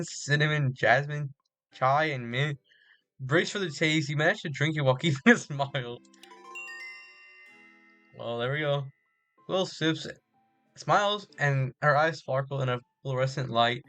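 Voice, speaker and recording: A man's voice: medium pitch, a bit bright, dry recording. A man playing a dating game, reading its text aloud and reacting with casual bemusement. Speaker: gaming streamer.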